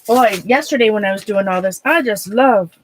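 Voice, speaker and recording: A medium-pitched female voice with a Minnesota accent, captured on poor audio with a little hiss or hum. She's hosting an art livestream, working on a craft while chatting informally with viewers. Talkative and rambling, she keeps cutting herself off and laughing.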